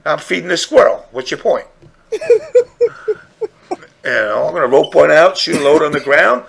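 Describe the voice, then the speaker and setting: A man's voice: fairly high pitch, expressive, normal speed, vocal fry, a bit bright. A man hosting a casual podcast, ranting crudely and rambling while mocking others in put-on voices. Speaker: podcast host.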